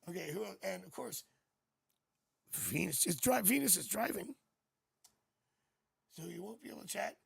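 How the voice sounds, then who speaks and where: A man's voice: sits high, animated, moderate pace, gravelly, long pauses, husky, no echo. A man hosting a live tarot reading, talking casually and rambling, joking as he goes, on a new studio microphone. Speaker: psychic tarot reader hosting a live stream.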